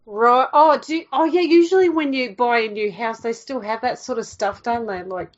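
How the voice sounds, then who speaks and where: Woman, podcast co-host, chatty, laughs easily, slightly high voice, dull recording. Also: moderate pace. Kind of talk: casual movie-watching chat.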